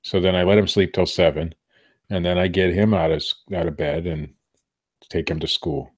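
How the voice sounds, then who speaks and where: A low-voiced, middle-aged man speaks at a normal pace with fairly even intonation. He is co-hosting a podcast from a room at home, chatting casually and rambling, and he often breaks off his own sentences.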